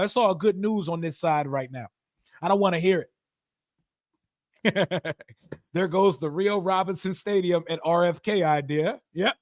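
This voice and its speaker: A man's voice: on the high side, no echo, clean studio sound. A young man hosting a live reaction stream, talking casually and profanely, often addressing his chat directly. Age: young adult. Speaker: livestream host.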